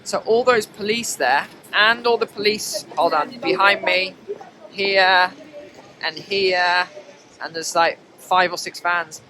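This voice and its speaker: With noisy surroundings, a man vlogs his walk through snow-covered city streets, chatting to viewers along the way. His voice is high and he takes it slowly.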